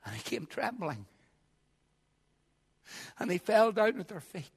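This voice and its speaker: A man preaching a sermon, swinging from quiet asides to loud, shouted passages. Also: high voice, very animated, a little slow, vocal fry, breathy edge. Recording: long hall reverb.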